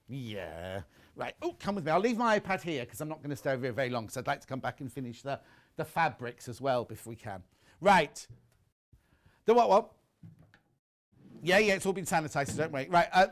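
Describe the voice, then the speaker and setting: A man presenting a live shopping channel broadcast, chatting as he reads out viewer messages with quick asides. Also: fairly high pitch. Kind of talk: live TV sales chat.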